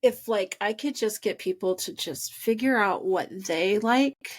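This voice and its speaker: A woman's voice: medium pitch, measured pace, slight background noise. A woman hosting a podcast interview, chatting casually and acting out dialogue as she tells stories, with lots of "like" and "right". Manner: animated storyteller, acts out quoted dialogue; says "like" and "right" a lot. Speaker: podcast host.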